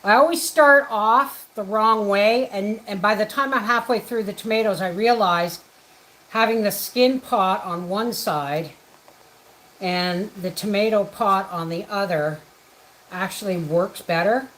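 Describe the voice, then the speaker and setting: A woman cooks in her home kitchen during a homestead livestream, greeting viewers by name as she chats casually. She has a mid-range, somewhat bright voice and a measured pace, heard through a low-quality recording.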